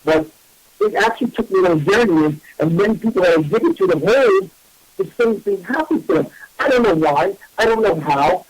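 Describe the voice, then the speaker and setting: Animated high-voiced male storyteller. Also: brisk, dry recording, rough recording. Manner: animated, self-mocking, swears mildly. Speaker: psychic medium radio host. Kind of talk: casual storytelling.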